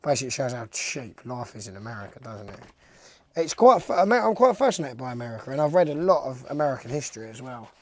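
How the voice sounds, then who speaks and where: A man's voice: medium pitch, sing-song, quick pace, darkish tone, no room sound. A young man, a pro skateboarder, telling rambling anecdotes casually and swearing freely. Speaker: professional skateboarder. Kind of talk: casual storytelling interview.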